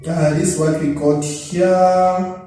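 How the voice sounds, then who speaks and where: Brief: male engineering tutor, fairly high voice, rambling think-aloud delivery, distant mic in a very echoey room. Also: level tone, slow, warm tone. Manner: thinks aloud, repeats himself, addresses viewers as guys. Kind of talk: informal problem-solving lesson.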